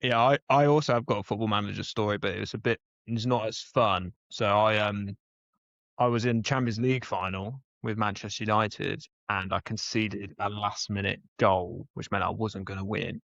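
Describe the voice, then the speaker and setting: A man's voice: lowish voice, steady tone, normal speed, creaky, a bit bright, dry recording, highs cut off. A man, chatting and joking as a podcast co-host. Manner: laughing, jokey banter. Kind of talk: casual chat.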